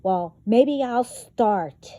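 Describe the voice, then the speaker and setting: A woman's voice: a little high, animated, very slow, warm tone, no room sound. A woman vlogger delivering a profane, confrontational rant straight to her viewers. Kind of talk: angry rant to camera.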